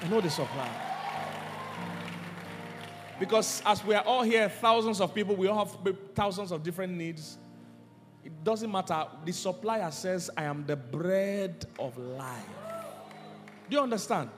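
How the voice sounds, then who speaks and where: A man preaching a sermon as pastor, moving between loud shouted decrees and quiet, low lines. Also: moderate pace, long pauses. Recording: reverberant hall, faint music behind.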